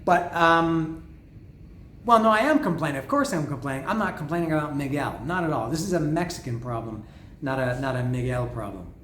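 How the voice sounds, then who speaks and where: A man casually talking through an unboxing of records, rambling and excitable, swearing freely and restarting his sentences. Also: fairly high pitch, a little fast, roomy sound, slight background noise. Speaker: vinyl record vlogger. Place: lives in Mexico.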